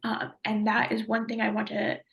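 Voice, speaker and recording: A woman presenting a webinar, guiding a group discussion in a measured, affirming way, with soft half-whispered asides. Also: fairly high pitch, monotone, gravelly, lo-fi sound.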